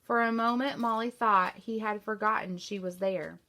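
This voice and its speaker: A woman teacher narrates a novel for her class in a mid-pitched voice. Her reading is steady and even-paced. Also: moderate pace. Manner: steady storytelling.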